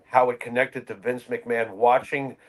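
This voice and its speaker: A man co-hosting an interview who reflects earnestly on what a moment meant to him as a fan. He speaks at a middle pitch for a man, steady and sincere. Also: normal speed, poor audio. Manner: earnest, reflective fan's view. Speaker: co-host. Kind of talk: casual chat.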